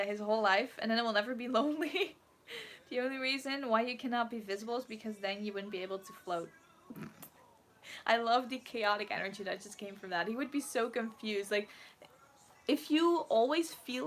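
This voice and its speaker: A woman's voice: on the high side, fairly quick, fairly bright tone, a little hiss or hum. A woman on a casual livestream, reading out viewer comments and answering them in a giggly, rambling, playfully dramatic way. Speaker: cosplayer streamer.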